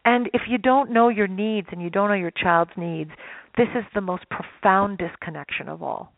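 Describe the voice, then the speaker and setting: A woman's voice: mid-range voice, moderate pace, vocal fry, no room sound. A woman guest expert telling stories in a radio interview, acting out little voices as she explains. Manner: animated storyteller, acts out voices. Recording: dry, phone-like line.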